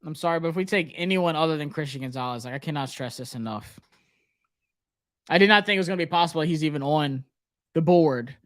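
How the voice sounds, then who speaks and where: A man's voice: fairly high pitch, quick pace. Young male streamer, jittery and keyed-up, live draft reactions. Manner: anxious, excited, talks to himself. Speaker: sports livestream host.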